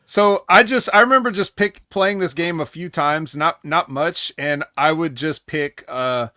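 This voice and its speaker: A man with a slightly high voice muses aloud, hedging his points and restarting sentences as he thinks. The sound is dry and close. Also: measured pace, bright, forceful tone, no room sound. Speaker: podcast panelist. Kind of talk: casual chat.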